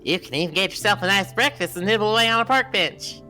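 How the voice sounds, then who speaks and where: Streamer doing a sunny upbeat mail carrier, bright tone, bouncy, faint game music. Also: medium pitch, animated, fast. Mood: chipper. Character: cheerful mail carrier on morning rounds.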